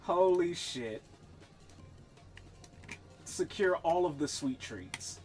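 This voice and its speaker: A man's voice: fairly high pitch, expressive, very slow, over music. A man streaming, telling a rambling, profane story in casual chat and laughing often.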